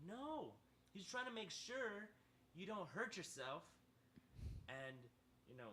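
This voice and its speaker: Slow-talking man leading a Bible chat. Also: sits high, sing-song, pushed and bright, a little hiss or hum. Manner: slow, conversational teaching with frequent "all right?" check-ins. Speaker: youth group leader. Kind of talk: casual Bible discussion.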